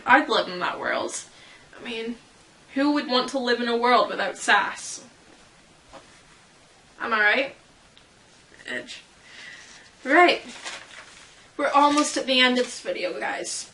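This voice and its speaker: A young woman with a fairly high, bright, pushed voice vlogs casually as a fan, rambling along and giggling at herself in self-deprecating fashion. The recording quality is rough.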